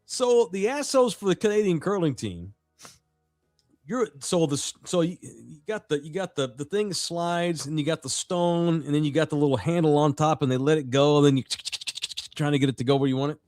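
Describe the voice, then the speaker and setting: A man's voice: a little high, a little fast, no echo, soft background music. A man co-hosting a sports podcast, telling stories in a casual, profane way and acting out what others said. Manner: animated storytelling, profane, acts out quotes loudly. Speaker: podcast co-host.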